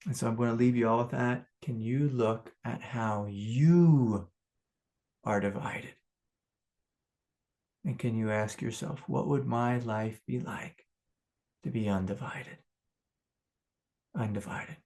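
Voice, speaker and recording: A man, a spiritual teacher giving a satsang talk, often laughing, swinging from impassioned outbursts to hushed prayer. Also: mid-range voice, slow pace, long pauses.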